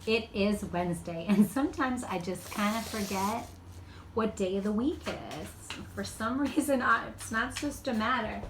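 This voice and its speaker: A woman's voice: on the high side, moderate pace. A woman giving a casual, rambling tarot card reading in a loose, spiritual way. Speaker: tarot reader. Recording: echoey room with faint background noise.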